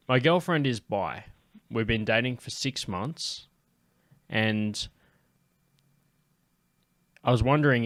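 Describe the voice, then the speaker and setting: A man's voice: lowish voice, a bit bright, no room sound, clean studio sound. A young Australian man hosting a comedy podcast, chatting casually in a crude, rambling way with a lot of swearing. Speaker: podcast host.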